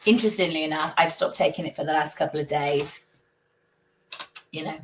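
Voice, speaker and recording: A woman with a croaky voice from a coming cold, hosting a live stream as a psychic and chatting casually, greeting viewers by name and laughing often. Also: sits low, animated, moderate pace, slight background noise. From United Kingdom.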